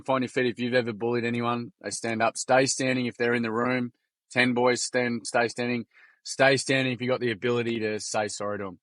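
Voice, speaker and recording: A man in his forties tells stories in a casual interview, blunt and matey. His voice sits at an ordinary pitch and is recorded dry and close. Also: no room sound. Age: 40s. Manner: blunt, matey, energetic storyteller. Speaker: guest, workshop founder.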